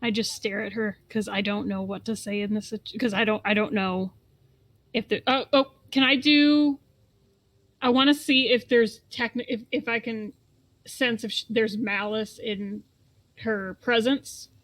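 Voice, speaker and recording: Casual woman player, unsure and halting, thinking aloud. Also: a little high, steady tone, a bit bright. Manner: hesitant, stops and restarts. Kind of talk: casual tabletop play.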